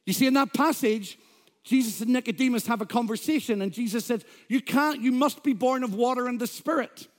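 A man's voice: very high-pitched, a little fast, few pauses. A man, a Pentecostal pastor, preaching an emphatic sermon in church, quoting scripture and joking with the congregation.

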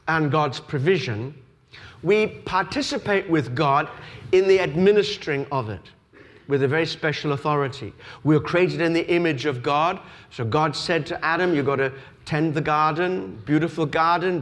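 A middle-aged man raised in Australia, preaching a sermon with storytelling that builds to emphatic preaching. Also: a little high. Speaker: pastor.

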